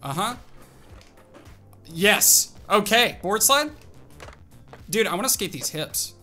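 A young man hosting a gaming video, his bright, forceful voice swinging widely up and down as he reacts to each move. He talks to himself and narrates his tricks in an excited, animated way. Faint music plays underneath. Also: high-pitched, slow. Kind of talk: excited gameplay commentary.

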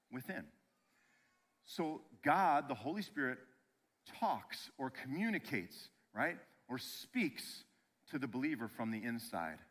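A male pastor preaching a sermon in an animated, conversational way, often checking in with "right?" and restarting his phrases. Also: medium pitch.

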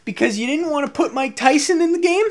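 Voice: high-pitched, animated, quick pace. A let's play commentator in an angry, profane rant, firing exasperated rhetorical questions at the game's makers.

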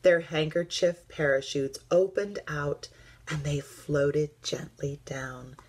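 Husky slow-reading teacher woman. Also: low voice, steady tone. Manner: gentle, dropping to soft whispers. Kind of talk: children's picture book read-aloud.

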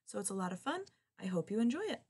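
A woman reading a children's picture book aloud in an expressive, lively way. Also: mid-range voice, quick pace, slightly rough.

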